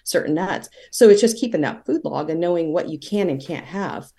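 A woman's voice: on the low side, animated, a little fast, warm tone. A woman being interviewed as a holistic practitioner, telling long stories in a conversational way. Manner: talkative, tells stories at length.

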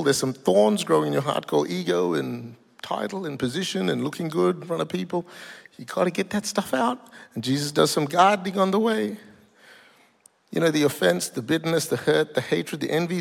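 A male pastor delivers an emphatic sermon, weaving in a personal story. His voice sits a little high and carries a gravelly rasp. A long reverb from a large hall trails every phrase. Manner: storytelling, emphatic, builds to high-pitched peaks. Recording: echoey hall.

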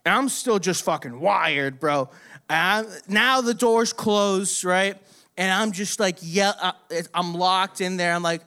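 Bright, high-voiced young man telling a story. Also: measured pace, clear, resonant tone. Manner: profane, laughing, animated storytelling. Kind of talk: casual storytelling.

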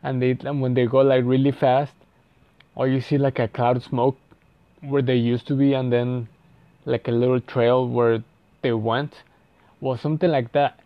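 A man's voice: medium pitch, little pitch movement, normal speed, no room sound, dull audio. A young man telling a story casually, rambling and profane, with lots of "like" fillers and restarts.

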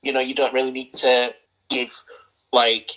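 Speaking at a measured pace in a level, slightly bright mid-range voice, this podcast co-host rambles through opinionated takes on films, hesitating often. The audio is dull and lo-fi.

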